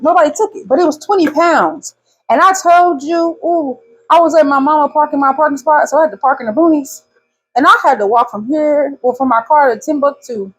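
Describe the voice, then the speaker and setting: A woman's voice: on the high side, breathy edge, rough recording. A young woman vlogging from her home kitchen while juicing, talking candidly in AAVE, swearing freely and voicing her own inner thoughts. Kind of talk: casual chat while juicing.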